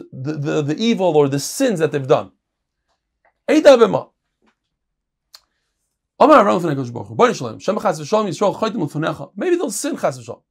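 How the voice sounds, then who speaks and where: Man, casual Talmud teacher, gravelly voice. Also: a little high. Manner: reads quick Aramaic passages, then explains them in casual English. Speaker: Torah teacher. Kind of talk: Talmud class.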